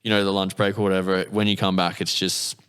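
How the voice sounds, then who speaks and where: A man's voice: sits low, fast talker, smooth. Sweary Australian man telling stories. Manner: swears freely, animated anecdotes with acted quotes. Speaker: guest. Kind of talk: casual storytelling interview.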